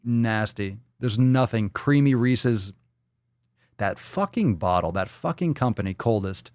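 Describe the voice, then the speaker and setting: A man's voice: on the low side, animated, unhurried, a little mellow, no echo, studio quality. A man hosting a fitness show, reacting bluntly and crudely to a clip in profane live-stream commentary.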